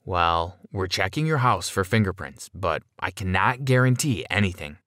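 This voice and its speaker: A man voicing a weary, blunt male police officer in a first-person story, speaking in a flat, resigned way. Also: deep voice, normal speed, dry recording, studio quality, voice pushed down.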